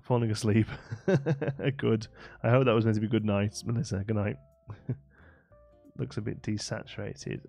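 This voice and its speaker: A man's voice: lowish voice, flat delivery, normal speed, creaky, pauses often, mellow, faint music behind. A man chatting with viewers during a late-night live game stream, thinking aloud and laughing often.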